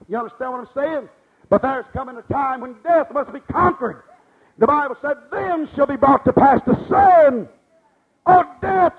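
A man delivers a sermon in a strikingly high, husky voice. He builds rhythm through repeated phrases and rhetorical questions. The recording is a tinny, lo-fi tape that sounds like it came over a phone line. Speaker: preacher.

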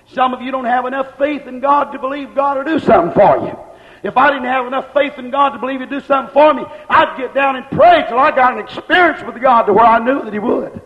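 A man preaches a fiery sermon in a very high voice. His words ring out with a long echo. The recording is dull and lo-fi. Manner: impassioned preaching, slowing and shouting at climaxes. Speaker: pastor. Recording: reverberant church, dull lo-fi sound.

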